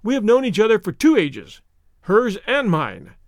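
A man's voice: sits high, sing-song, moderate pace, no echo, studio quality. A man reading an audiobook voices an outspoken young woman who talks in an eager, earnest way. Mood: animated.

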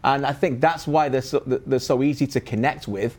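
A man's voice: medium pitch, normal speed. A man on a studio sports panel, earnest and rambling, with frequent restarts. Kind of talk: casual panel discussion.

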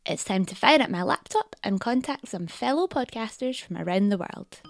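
A woman with a Scottish accent hosting a podcast in scripted narration, lively, wry and articulate. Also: medium pitch, moderate pace, creaky, over music. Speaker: podcast host.

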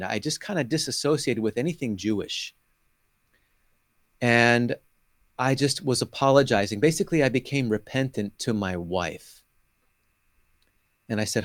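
A man's voice: medium pitch, lively intonation, unhurried, long pauses, dry recording. A middle-aged man, a guest in an interview, earnestly telling his personal faith testimony with emotion and acting out his past conversations.

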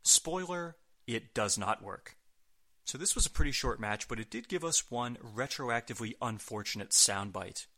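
A man's voice: medium pitch, lively intonation, moderate pace, bright, forceful tone. A man hosting a podcast, reading a scripted recap with wry, sarcastic asides. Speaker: podcast host. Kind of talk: scripted wrestling recap narration.

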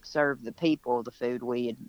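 A man with a smooth, clear voice tells his story in an easy, rambling way, circling back and restarting as he goes. He speaks from home on a video call, and the sound is dry and a bit dull, with no room echo. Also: medium pitch, steady tone, moderate pace. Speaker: musician guest. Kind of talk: casual remote interview.

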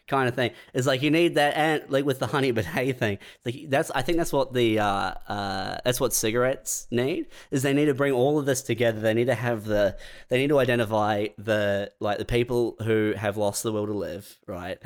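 A man's voice: medium pitch, moderate pace. A laid-back man who is a comedian co-hosting a podcast, rambling through bits in casual chat.

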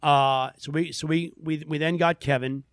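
Bright-voiced man telling a story. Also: a little high, moderate pace, no echo, clean studio sound. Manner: animated, acts out quoted voices. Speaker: host. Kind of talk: casual storytelling chat.

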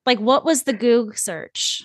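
A young woman hosting a podcast in casual chat, talkative and loose, swearing freely with quick asides. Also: fairly high pitch, dry recording. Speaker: podcast host.

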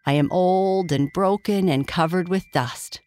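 A woman's voice: fairly low pitch, a little slow, a little mellow, close to an everyday voice. A woman voicing a weary, sad old male jumping jack toy in a children's story.

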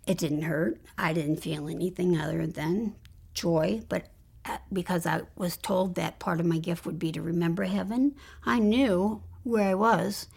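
A woman guest in an interview, earnestly recounting a personal spiritual experience and often dropping into a hushed whisper. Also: fairly low pitch, steady tone, a little slow, gravelly, husky. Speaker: guest telling her near-death story.

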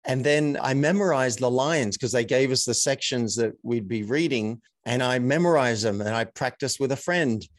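A man, a coach and actor, telling stories as a podcast guest in a measured, reflective way. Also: mid-range voice, no room sound. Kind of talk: casual interview chat.

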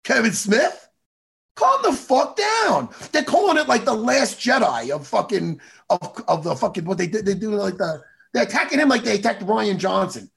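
A man co-hosting a casual chat show, ranting excitably and swearing a lot. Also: high voice, gravelly. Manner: animated profane ranting, excitable. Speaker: podcast co-host.

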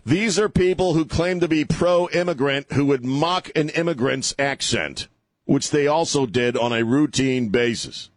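A man's voice: a little high, unhurried, dry recording. A man hosting an opinionated political talk show, sarcastic and mocking, rambling with many fillers.

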